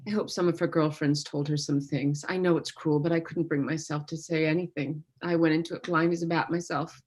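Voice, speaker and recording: A woman's voice: low voice, steady tone, a little fast, darkish tone. A woman reading the part of a wistful middle-aged mother of the bride in a staged play reading over a video call. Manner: wistful, confiding, rueful.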